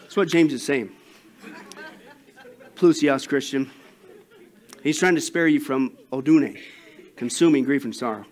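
A man preaching a sermon as pastor, animated and emphatic, telling a joke story. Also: medium pitch, a little slow, long pauses, a faint crowd.

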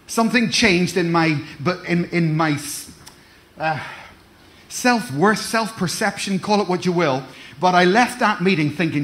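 Preaching unhurriedly in a high, fairly bright voice, a middle-aged pastor calls out to his congregation for responses. He repeats words and stumbles into restarts along the way.

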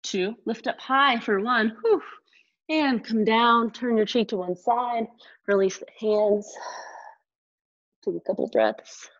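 A woman teaching a live online yoga class, giving calm step-by-step cues between sighs and exhales. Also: on the high side, slow pace, pauses often, dull audio. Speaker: yoga instructor.

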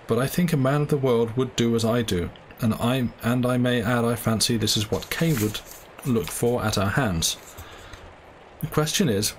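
A man's voice: mid-range voice, slight background noise, lightly acted. Sneery offhand young doctor guy, cool and cynical, a reader putting him on.

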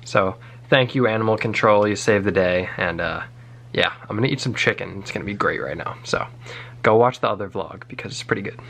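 A man's voice: lowish voice, fairly quick. A young man telling stories in a casual vlog, rambling along with many fillers and restarts. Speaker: vlogger.

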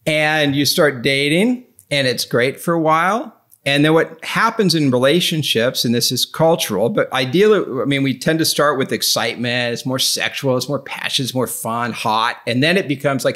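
Animated man explaining with lively pitch. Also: normal speed. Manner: animated, acts out quotes in voices, laughs often. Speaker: guest psychology expert. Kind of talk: podcast interview.

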